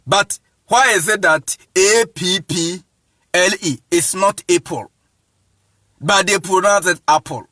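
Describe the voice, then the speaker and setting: Ghanaian man, deliberate teacher cadence, keeps asking if you follow, chuckles. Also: sits high, sharp tone, no room sound, clean studio sound. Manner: insistent, repeats "you see what I'm saying", chuckles often. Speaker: evangelist teaching. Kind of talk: informal lecture monologue.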